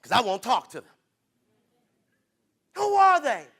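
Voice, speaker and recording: A man preaching a sermon, repeating phrases in a rhythm and building from quiet lines to shouts, calling out to the congregation. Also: very high-pitched, huge pitch swings, unhurried, creaky, breathy edge. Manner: calls on the congregation directly.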